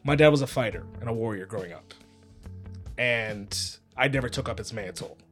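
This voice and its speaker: A man voicing a humble man giving a quiet, heartfelt farewell to his friends. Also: mid-range voice, a little fast, faint music behind, natural voice. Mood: earnest.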